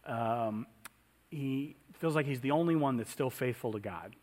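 A man's voice: medium pitch, unhurried, a little mellow. A man preaching a conversational sermon in a church, often asking the congregation questions. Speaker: pastor.

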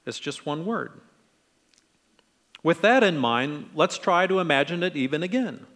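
A middle-aged man preaching a conversational sermon in a relaxed, friendly way, acting out quoted lines in different tones. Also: a little high, a little slow, big-room sound. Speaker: pastor.

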